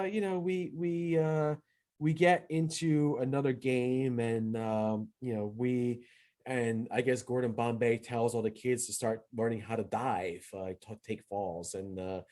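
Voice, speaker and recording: A man's voice: lowish voice, darkish tone. A young man hosting a podcast, reviewing a movie in casual solo talk, rambling with many fillers and restarts and acting out quoted lines as he retells. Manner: acts out quoted dialogue in retelling. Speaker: podcast host.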